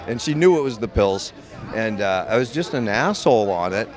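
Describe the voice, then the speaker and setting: A man's voice: lowish voice, expressive, moderate pace, some chatter behind. A middle-aged man from Maine, a medical cannabis caregiver, telling his story in an interview in a blunt, profane, rambling way with many restarts. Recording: loud music under voice. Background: music.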